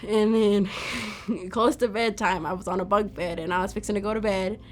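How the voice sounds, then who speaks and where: Young adult woman, even-toned, chatty personal testimony. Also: mid-range voice, normal speed, faint music behind. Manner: casual storytelling, quotes herself, fillers like "like". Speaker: testimony speaker.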